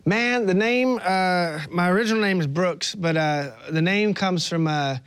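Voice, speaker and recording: A man's voice: high voice, a little slow, fairly bright tone, clean tone, no echo. Man, musician guest, rambling and self-deprecating, dry close studio sound. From Georgia, USA. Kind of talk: casual interview chat. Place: radio studio.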